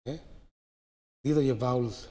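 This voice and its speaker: A man's voice: mid-range voice, normal speed, warm tone. Man teaching in an echoing mosque hall. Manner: explains step by step, checks understanding with "yeah?". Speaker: Quran recitation teacher. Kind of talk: live tajweed class. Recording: long hall reverb.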